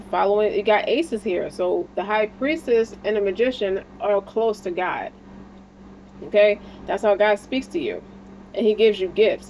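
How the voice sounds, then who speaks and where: A woman's voice: medium pitch, darkish tone, a little hiss or hum, rough recording. A woman giving a casual spiritual tarot reading, talking in a blunt, slangy and encouraging way and swearing freely. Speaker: tarot card reader.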